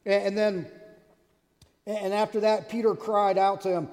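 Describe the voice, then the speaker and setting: A man preaching a sermon as lead pastor, telling stories and acting out the quotes with lively energy. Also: sits high, measured pace, long pauses, in a large hall. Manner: animated storyteller, acts out quotes.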